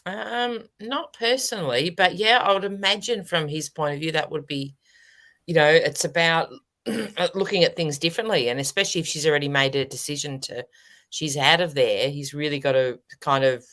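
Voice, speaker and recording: Laid-back Australian woman, bright voice. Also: sits low. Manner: laid-back, halting, laughs often. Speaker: medium, co-host. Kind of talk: casual live-stream chat.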